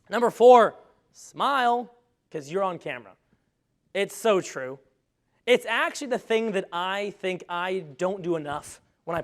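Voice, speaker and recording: A man with a fairly high voice giving an energetic talk to a live audience. He jokes often and pokes fun at himself as he makes his points. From grew up on a farm. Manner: energetic, joking, self-deprecating. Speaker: speaker on webinar marketing.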